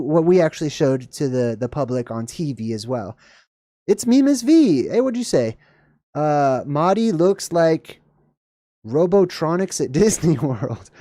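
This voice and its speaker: A livestream host giving rambling, digressive reaction commentary, laughing often and jumping suddenly up in pitch. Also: dark tone, no room sound, clean studio sound.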